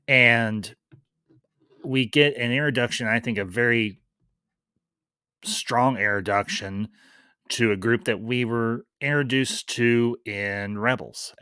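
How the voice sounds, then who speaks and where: A man's voice: fairly low pitch, bright, forceful tone, clear, resonant tone, dry recording. A man hosting a live-stream review, chatting loosely with fillers and greeting viewers in the chat. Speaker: livestream host reviewing a series.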